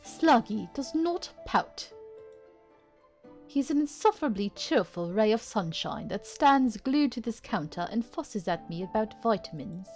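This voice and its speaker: A woman voicing a sly, cruel male monster illusionist who talks down to others in a slow, mocking drawl while reading game dialogue aloud. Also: a little high, sing-song, a little mellow, faint music behind. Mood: scolding. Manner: drawling, condescending teasing.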